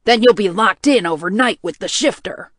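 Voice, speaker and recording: A woman's voice: mid-range voice, normal speed, a bit bright, dry recording, studio quality, natural voice. A woman voicing an impatient man who oversees captives in an audiobook, speaking curtly. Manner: curt, impatient. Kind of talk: audiobook character voice.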